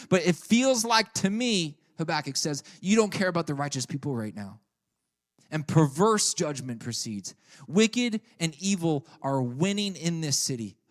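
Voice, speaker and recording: A male preacher delivers a sermon in a fairly high voice. He reads scripture aloud and acts out the prophet's pleas with animated, theatrical energy. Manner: animated, voices Habakkuk's complaints dramatically.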